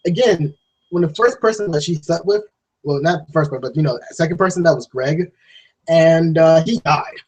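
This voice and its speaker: A man giving a casual, rambling spoken film review, swearing freely and restarting sentences, often jumping into a high, excited voice to act out scenes. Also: normal speed, husky, poor audio. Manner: jumps to high excited voice when acting out scenes.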